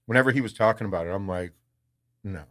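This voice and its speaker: A man's voice: on the low side, rapid-fire, fairly bright tone. A man co-hosting a podcast, telling a story in casual chat. He swears freely, acts out quoted lines and laughs often. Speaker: podcast co-host.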